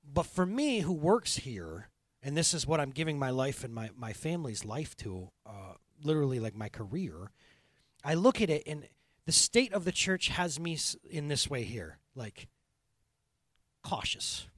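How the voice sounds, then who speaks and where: A man's voice: on the high side, very animated, moderate pace, dry recording. A middle-aged man preaching a sermon as pastor, earnest and conversational, building to impassioned.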